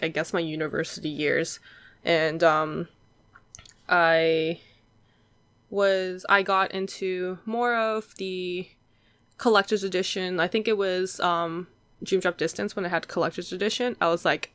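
A woman's voice: on the low side, pushed and bright, dry recording. A young adult woman chatting casually as a guest, telling stories with a laugh and acting out the voices of others. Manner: chatty storyteller, laughs often, acts out quoted voices. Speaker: guest collector. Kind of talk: casual chat.

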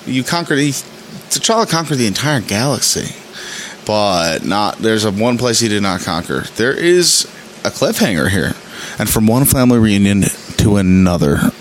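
A man hosting his podcast, talking casually and excitedly about an episode, rambling with frequent laughs while saying he is tired. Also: lowish voice, moderate pace, slight background noise, rough recording. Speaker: podcast host. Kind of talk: casual episode reaction commentary.

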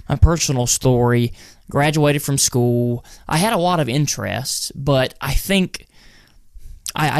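A man's voice: mid-range voice, gravelly, no room sound, studio quality. A man in his twenties with a North Carolina accent, speaking earnestly and upbeat as a podcast guest. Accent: North Carolina Southern US. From North Carolina, USA. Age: 20s. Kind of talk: casual interview talk.

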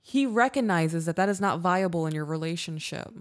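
Female podcast co-host, direct, slightly low voice, reads listener mail. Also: lively intonation, fairly quick. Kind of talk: casual advice chat.

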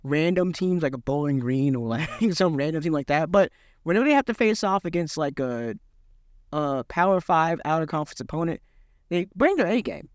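A podcast co-host on a sports show, this man has a fairly high, expressive voice at a moderate pace, recorded dry in studio quality. Chatting casually, he hesitates a lot, filling gaps with "uh" and "I don't know" alongside breezy slang.

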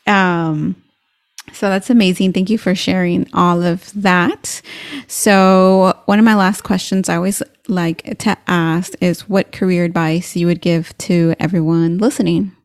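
A woman's voice: on the low side, steady tone, unhurried, no room sound, clean studio sound. A woman hosting an interview in a chatty, encouraging way. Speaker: interview host. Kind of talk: casual interview chat.

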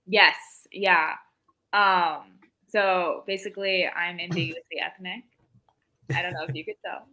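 A bright, forceful woman comic in casual chat. She talks loosely with lots of "like" fillers. She acts out quick quoted lines as she goes. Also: fairly low pitch, steady tone, poor audio. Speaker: stand-up comic guest.

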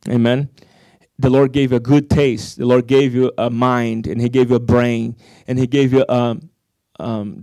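A man's voice: mid-range voice, a little mellow, no room sound, clean studio sound. A man preaching a sermon, calling out to his congregation for amens.

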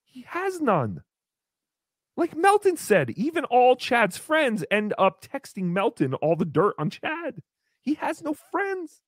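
Snarky woman podcast host, high and animated, roasting a roast. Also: takes it slowly, no room sound, clean studio sound. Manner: sarcastic, theatrical, slips into mocking voices. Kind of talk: mocking commentary on a roast.

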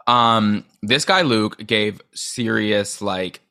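Podcast co-host, male, lowish voice, rapid chatty recap style. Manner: fast, animated recapping with filler words. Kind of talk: casual podcast chat.

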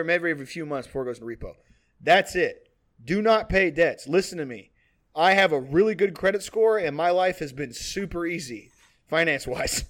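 A young man in his twenties who talks in a rambling, cursing, filler-heavy way on a casual podcast. His voice sits fairly high for a man. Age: 20s. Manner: rambling, profane, many fillers. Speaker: podcast co-host.

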